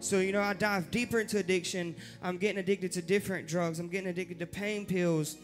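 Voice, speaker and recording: Young guy preaching his testimony, pretty high voice, gets loud and fired up, soft instrumental music behind. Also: steady tone, a little fast. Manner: earnest, building to impassioned shouting. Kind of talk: testimony sermon. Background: faint instrumental music.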